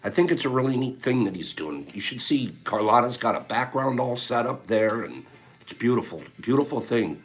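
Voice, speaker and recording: A man's voice: mid-range voice, expressive, moderate pace. Rambling, teasing livestream host man. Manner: rambling, teasing, laughs often. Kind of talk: casual chat reading viewer comments.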